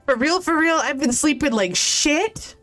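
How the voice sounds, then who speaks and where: A woman's voice: sits high, animated, measured pace, fairly bright tone, soft background music. A woman streamer giving casual, swear-heavy commentary while she plays a game, laughing often and reading the game's lines aloud. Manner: reads game dialogue aloud.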